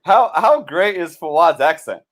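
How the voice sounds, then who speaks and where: A male host running a casual watch-party chat, lively and asking lots of questions. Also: a little high, a little slow.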